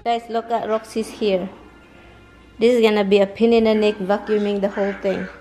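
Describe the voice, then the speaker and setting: A woman's voice: mid-range voice, level tone, normal speed, loud music behind the voice, poor audio. A woman from the Philippines, chatting casually at home in a rambling vlog and talking to her pets. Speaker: vlogger.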